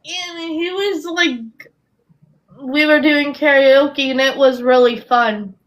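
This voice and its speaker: A woman chatting on a livestream in a halting, giggly way. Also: high voice, a bit bright. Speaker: guest on a livestream. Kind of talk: casual chat.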